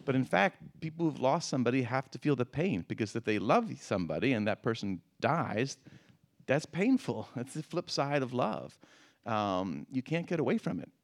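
A middle-aged man talking in a conversational interview, halting and repeating words, with frequent laughs. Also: medium pitch, big pitch swings. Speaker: guest.

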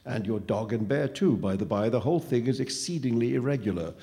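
A man's voice: mid-range voice, lively intonation, fairly quick, mellow, lightly acted. A man reading a story aloud, voicing a pompous male phantom who speaks in precise, wordy and falsely kindly tones. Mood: smug.

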